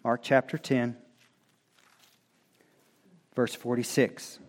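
A man preaching a sermon at an unhurried pace, in a voice of ordinary pitch for a man. He reads scripture slowly, then rises into loud, impassioned cries. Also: level tone. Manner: slow, building to loud impassioned cries when quoting scripture. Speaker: pastor.

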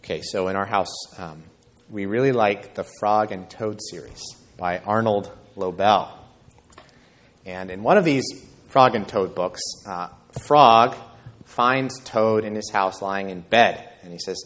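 A man's voice: lowish voice, expressive, normal speed. A man preaching a sermon who reads from the Bible and talks conversationally, often checking in with the listeners by asking "right?". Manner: conversational, with frequent tag questions. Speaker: pastor.

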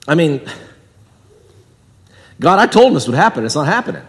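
A man preaching a sermon in a chatty way, jumping from loud emphatic bursts down to quiet asides. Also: a little high, sing-song, a little slow, pauses often, big-room sound. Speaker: pastor.

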